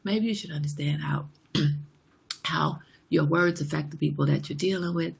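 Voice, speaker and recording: A woman's voice: sits low, moderate pace, creaky, husky. A woman in her forties hosting a livestream, chatting frankly and jokingly with viewers and reading out their comments. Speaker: livestream host. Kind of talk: casual chat with live viewers.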